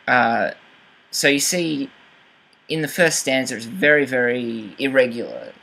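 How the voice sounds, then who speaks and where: A man's voice: mid-range voice, very animated, a little slow, vocal fry, sharp tone, poor audio. A young man talking through how to read a poem closely, hesitant, with fillers and self-corrections. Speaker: writing channel host. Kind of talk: casual explanatory talk with poetry reading.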